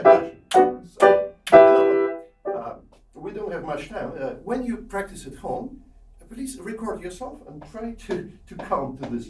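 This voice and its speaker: A man coaching a piano masterclass. He sings rhythms aloud and keeps checking in with "yeah?". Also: high-pitched. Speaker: piano teacher giving a masterclass. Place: small room with a large piano. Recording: echoey room, heard from far off.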